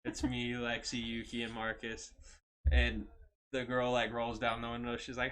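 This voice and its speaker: A man's voice: mid-range voice, monotone, moderate pace, a bit bright. A young man co-hosting a podcast, telling stories in casual chat, swearing freely and laughing often. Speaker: podcast co-host.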